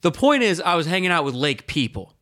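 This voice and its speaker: Animated laughing man telling stories. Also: fairly high pitch, fairly quick. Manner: animated storyteller, laughs often, acts out voices. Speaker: podcast co-host. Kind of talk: casual comedic chat.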